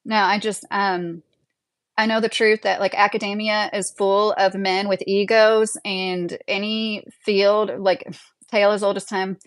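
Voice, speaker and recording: Young woman, casual opinionated streamer, mid-pitched, rambling delivery, dry mic. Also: level tone, a little slow, clean tone, dry recording. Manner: rambling, opinionated, laughs often. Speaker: livestream host. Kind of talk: casual livestream commentary.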